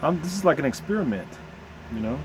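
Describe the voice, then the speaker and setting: A man with a Southern American accent talking candidly into the camera in a personal vlog, halting and searching for words with many restarts. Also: fairly high pitch, animated, noisy background.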